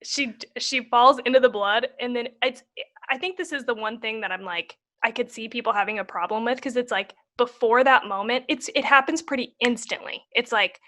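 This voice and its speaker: A woman's voice: on the high side, a little fast, sharp tone. A woman co-hosting a podcast, chatting casually about a film with a lot of "like.". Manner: casual, filler-heavy talk with lots of "like". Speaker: podcast co-host. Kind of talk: casual chat reviewing a film.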